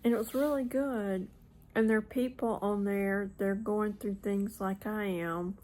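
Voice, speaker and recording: A woman's voice: mid-range voice, steady tone, a little slow, darkish tone, rough recording. A woman chatting casually to camera at home, rambling, trailing off and slipping into whispered asides. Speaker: vlogger. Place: at home in front of a mirror.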